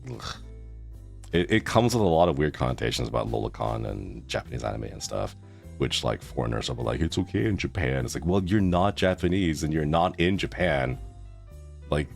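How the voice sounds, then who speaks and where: A man's voice: rumbling low, gravelly. A man in his thirties chatting casually on a live stream, reacting to chat with groans and laughs. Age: 30s.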